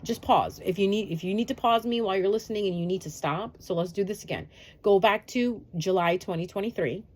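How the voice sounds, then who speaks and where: A woman's voice: medium pitch, fast, few pauses, darkish tone. A woman giving a casual, chatty astrology update straight to her viewers, reassuring and sprinkled with "um" fillers. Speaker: astrology reader.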